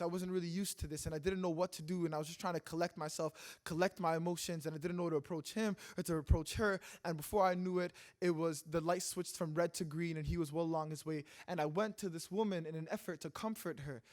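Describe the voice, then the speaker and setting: A young man from Canada giving an earnest, impassioned spoken-word talk on a stage, with rhythmic repeated lines. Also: on the high side. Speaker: speaker at a public talk. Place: live stage talk in a city hall.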